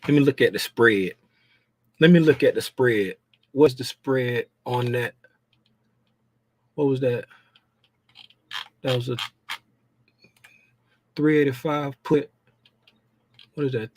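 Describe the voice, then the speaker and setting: Trading-channel host, man, mutters in frustration, average pitch. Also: a little slow, long pauses, a little mellow, slight background noise. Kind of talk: casual live commentary while trading.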